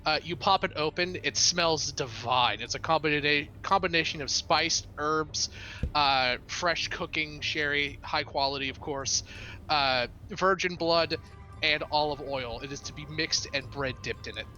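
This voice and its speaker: A man's voice: on the high side, a little slow, sharp tone, soft background music. A man narrating as game master of a tabletop game, chatty and loose, often stopping to restart a phrase. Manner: chatty, many fillers and restarts while narrating.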